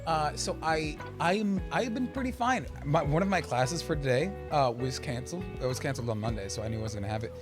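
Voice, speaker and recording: A young man streams a cozy game, chatting and rambling in an excitable way. His voice runs slightly high for a man. Game music plays clearly behind him. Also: fairly quick, few pauses. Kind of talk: casual gameplay commentary.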